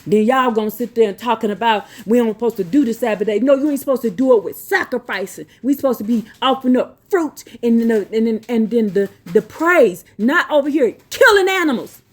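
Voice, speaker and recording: A woman's voice: on the high side, expressive. Blunt, scolding woman preacher. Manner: slow deliberate reading broken by scolding rants; blunt, profane, colloquial. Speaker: religious teacher. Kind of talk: reading notes with heated asides.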